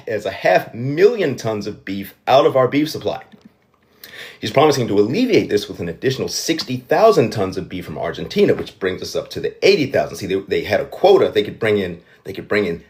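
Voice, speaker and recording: Sarcastic man with a lively voice. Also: mid-range voice. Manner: sarcastic, profane asides. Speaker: host. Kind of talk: satirical news commentary. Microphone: livestream.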